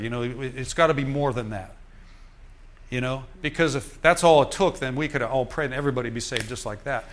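Older man preaching an animated testimony. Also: medium pitch, a little fast. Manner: animated storytelling with chuckles, addressing the congregation. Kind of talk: sermon testimony. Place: church.

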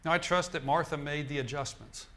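A man's voice: a little high, fairly even intonation, fairly quick, pushed and bright. A male minister preaching a sermon in an emphatic, repetitive style, often restarting his phrases.

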